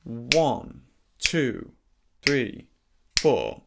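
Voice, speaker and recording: A man teaching a harmonica lesson in a relaxed, easygoing way, thinking aloud and correcting himself as he explains. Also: mid-range voice, extremely slow, gravelly, very noisy. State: slightly out of breath. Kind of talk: relaxed instructional talk.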